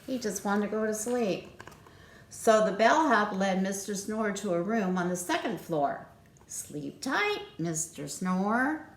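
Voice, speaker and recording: A woman reading a picture book aloud to children, gentle and playful, inviting them to join in. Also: mid-range voice, unhurried, roomy sound.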